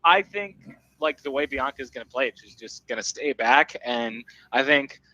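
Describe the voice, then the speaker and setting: A man's voice: medium pitch, normal speed, pushed and bright, muffled recording. A young man chatting casually on a podcast, chipper and laughing often. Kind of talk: casual chat.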